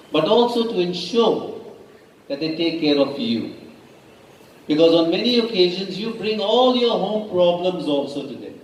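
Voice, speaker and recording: A man's voice: high voice, slight background noise. A man, a school principal addressing parents at a meeting in a firm, emphatic way. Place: large school hall. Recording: echoey hall heard from a distance.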